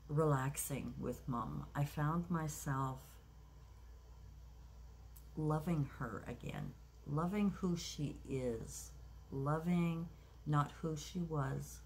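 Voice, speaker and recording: A woman in her sixties telling a personal story in a reflective, unhurried way, with many pauses and restarts. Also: sits low, darkish tone, slight background noise. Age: 60s. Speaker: craft vlogger.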